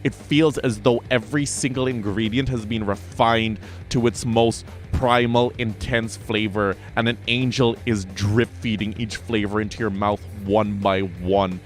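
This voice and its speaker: A man's voice: on the low side, steady tone, soft background music. Man narrating a tabletop game. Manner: vivid, drawn-out scene description with many fillers. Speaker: game master.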